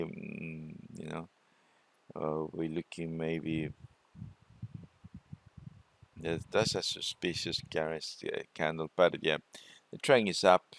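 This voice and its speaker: A man presenting a forex trading walkthrough, talking it through unhurriedly with many fillers and pauses. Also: sits low, vocal fry, no room sound. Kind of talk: screen-share trading walkthrough.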